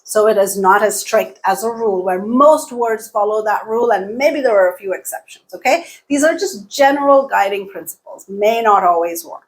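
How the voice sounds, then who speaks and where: A woman teaching an English pronunciation lesson, patiently repeating each example word slowly and checking in with frequent okays. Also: mid-range voice.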